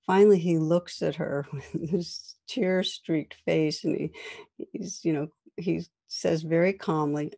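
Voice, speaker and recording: A woman meditation teacher giving a guided meditation talk, speaking slowly and gently with long pauses. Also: low-pitched, steady tone, vocal fry.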